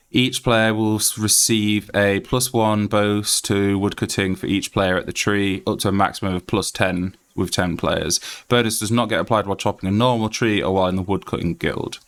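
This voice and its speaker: Low-voiced Yorkshire man streaming a game. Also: a bit bright, smooth. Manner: chatty, rambling, reads aloud with many fillers. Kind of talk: casual live-stream chat.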